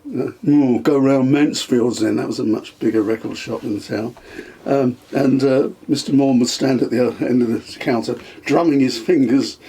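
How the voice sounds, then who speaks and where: An older man with a husky, slightly breathy voice, spinning long anecdotes in conversation. He chuckles often and pauses on fillers as he recalls things. His pitch sits in a medium range. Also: steady tone, warm tone. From England. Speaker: guest, storyteller. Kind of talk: reminiscing conversation.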